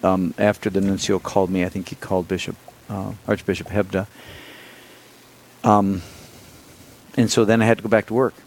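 A middle-aged priest being interviewed, telling a personal story in a halting, conversational way with many restarts and fillers. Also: male voice, sits low, little pitch movement, darkish tone, rough recording. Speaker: priest appointed bishop, interview guest.

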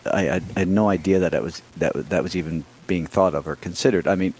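A middle-aged priest who was appointed bishop tells stories as an interview guest, his voice somewhat low, steady and slightly rough. He talks at an unhurried, conversational pace but halts and restarts often, with plenty of "um" and "uh" and soft little laughs. The recording is rough.

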